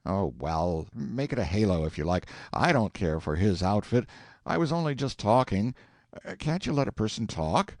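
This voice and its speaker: A man's voice: fairly low pitch, sing-song, normal speed, dry recording, studio quality. Eager, folksy husband, impatient, swooping delivery; male narrator playing him. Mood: grumbling. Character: eager, excitable middle-aged husband. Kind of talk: audiobook character voice.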